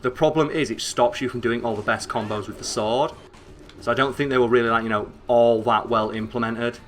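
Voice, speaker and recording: A young man with a northern English accent, chatting excitably and swearing as he streams a game, rambling with lots of fillers. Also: mid-range voice, brisk, soft background music. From northern England. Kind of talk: casual gameplay commentary.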